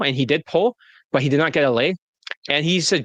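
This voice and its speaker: A man's voice: fairly high pitch, moderate pace, long pauses, a bit bright, no echo. A man working as a dating coach, talking bluntly and crudely in a casual interview and laughing often.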